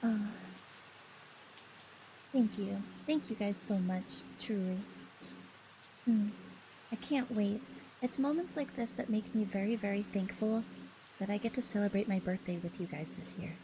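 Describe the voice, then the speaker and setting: A woman streamer chatting casually with her viewers, reading their messages aloud in a soft, affectionate, giggly way. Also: mid-range voice, measured pace, pauses often, noisy background.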